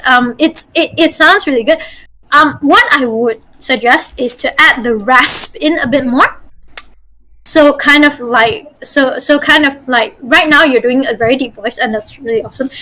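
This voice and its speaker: A woman's voice: high voice, expressive, normal speed, pushed and bright, low-quality recording. A woman from Malaysia, a game master teaching voice acting over a group call, chatty and encouraging. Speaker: game master leading a workshop.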